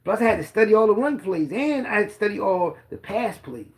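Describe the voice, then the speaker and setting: A man's voice: high voice, lively intonation, a little fast. A man, a former running back telling boastful, profane football stories in a rambling casual monologue.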